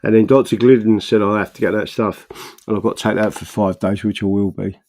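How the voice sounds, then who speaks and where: A middle-aged man hosting a casual political livestream, rambling between animated bursts and muttering while he works his screen and reads viewer comments. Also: on the low side, brisk.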